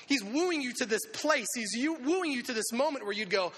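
A man with a high, bright, forceful voice preaching to young people. He talks in an animated, conversational way and acts out little quotes. His voice rings with the long reverb of a hall. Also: moderate pace, few pauses. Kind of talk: sermon.

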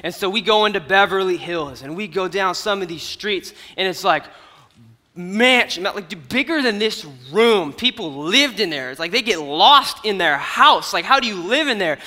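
A young man giving a comedic storytelling sermon at an event, animated and swinging from hushed to loud. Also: high voice, moderate pace. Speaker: youth speaker at an event. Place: large hall at an event. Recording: hall reverb from a stage.

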